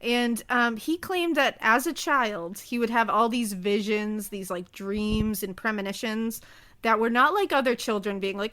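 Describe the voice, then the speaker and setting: A woman's voice: a little high, a little slow, fairly bright tone. A woman casually telling a story on a podcast, chatty and full of asides. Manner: chatty, lots of fillers and asides.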